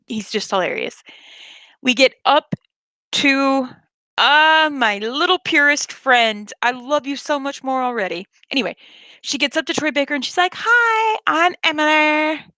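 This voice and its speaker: A woman's voice: sits high, moderate pace, no echo. A young woman with a Southern US accent telling rambling stories and chatting casually with her viewers late at night. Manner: rambling, animated storytelling with frequent laughs and swearing.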